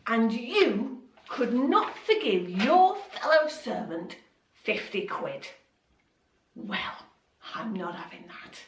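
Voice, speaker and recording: A woman's voice: a little high, sing-song, slow pace, reverberant, far from the mic, slight background noise. Woman voicing a furious, stern king. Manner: stern, scolding.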